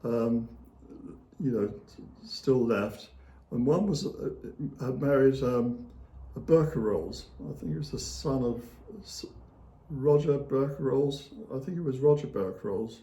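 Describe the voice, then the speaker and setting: With a mellow, medium-pitched voice and a measured pace, a male author chats as an interview guest. He rambles through history in anecdotes, using lots of fillers and small chuckles. It's an easygoing storytelling conversation recorded in an echoey space.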